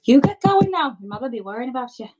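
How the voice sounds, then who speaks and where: A woman voicing a kindly, loud, motherly village woman who fusses over her guests. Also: sits high, sing-song, fast, voice pushed up. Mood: fussing, hospitable. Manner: homely, fussing and hospitable.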